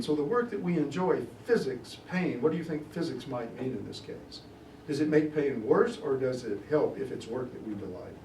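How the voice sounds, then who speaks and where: A man's voice: mid-range voice, expressive, moderate pace, darkish tone. A middle-aged man tutoring a class, reading Shakespeare aloud and explaining it in plain asides, stretching key words as he goes. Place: classroom in a church tutoring program. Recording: echoey room, distant mic, faint noise.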